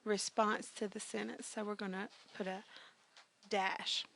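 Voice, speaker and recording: A woman's voice: mid-range voice, little pitch movement, a little slow, creaky, fairly bright tone. A woman teaching business communications in a recorded grammar lecture, talking conversationally with frequent fillers and punchy emphatic asides.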